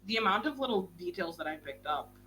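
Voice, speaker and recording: A young woman hosting a book club stream in casual chat, talking in a quick, gushing way and swearing casually. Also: lowish voice, animated, pushed and bright, a little hiss or hum.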